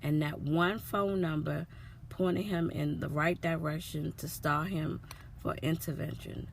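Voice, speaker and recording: A woman's voice: low voice, fairly even intonation, measured pace, creaky, slight background noise. A woman, a mother, earnestly telling her son's story in a personal vlog, repeating herself with feeling. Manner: earnest, repetitive, emotional retelling.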